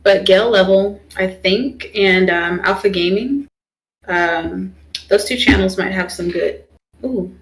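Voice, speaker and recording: A woman's voice: mid-range voice, measured pace, low-quality recording. A young woman streamer chatting casually while she draws, rambling with lots of fillers. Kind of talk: casual chat while drawing.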